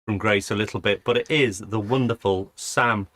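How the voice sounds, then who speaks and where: A man hosting a live online show, chatty and teasing, with quick jokes at his guests. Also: fairly low pitch, fairly bright tone, no room sound. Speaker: host.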